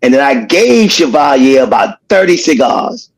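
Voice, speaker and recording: A man's voice: a little high, big pitch swings, normal speed, breathy edge, rough recording. Brief: playful, laughing man, casual interview guest. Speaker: cigar brand owner.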